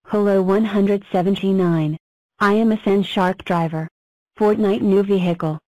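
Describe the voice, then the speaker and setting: A woman voicing a cheerful talking number block in a cartoon, introducing itself in a flat, even way. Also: medium pitch, moderate pace, no echo, close to an everyday voice, low-quality recording. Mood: plain.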